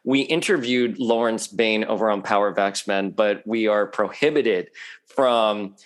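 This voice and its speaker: A man talking as a guest on a podcast in a chatty, animated way, laughing often. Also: on the low side, a little slow. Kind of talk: casual podcast chat.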